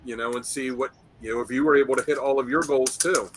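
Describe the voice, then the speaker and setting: A man's voice: mid-range voice, steady tone, fast talker, fairly bright tone, slight background noise, rough recording. A man co-hosting a casual podcast chat, rambling with many fillers. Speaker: podcast co-host.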